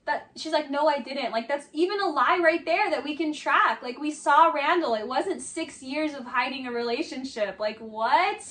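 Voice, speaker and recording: High-voiced, exasperated woman commentator. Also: normal speed, hardly any pauses, a bit bright, recorded from a distance. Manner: sarcastic, exasperated, many "like" fillers. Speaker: video essay commentator. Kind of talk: casual commentary on a reality show.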